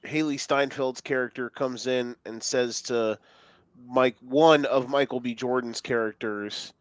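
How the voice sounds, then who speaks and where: A man's voice: mid-range voice, fairly even intonation, a little slow, no room sound. A man co-hosting a sports podcast, teasing and laughing often in casual chat. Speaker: podcast co-host.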